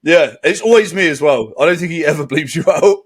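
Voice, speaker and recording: A man's voice: fairly high pitch, brisk, slightly rough. A man co-hosting a casual podcast chat, swearing freely, laughing often and slipping into mock voices. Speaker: podcast co-host.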